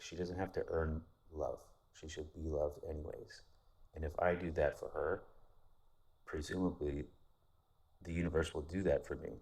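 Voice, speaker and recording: A man's voice: a bass voice, a little mellow. A man talking in a casual vlog monologue, rambling and candid, with frequent restarts and casual swearing. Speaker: vlogger.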